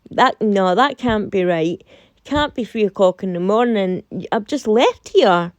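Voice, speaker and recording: Scottish woman, storytime narration, slow unhurried delivery, dry close sound. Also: medium pitch, no echo. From Scotland. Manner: animated, quotes herself and her friend in dialogue.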